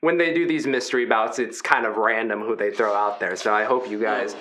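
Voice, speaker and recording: A man's voice: lowish voice, steady tone, fairly quick, a bit bright, a little hiss or hum, lightly acted. A man voicing Brutus, a kind, rambling fifteen-foot triceratops-like arena fighter who keeps reinventing his act. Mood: earnest. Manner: earnest, rambling, self-reinventing showman.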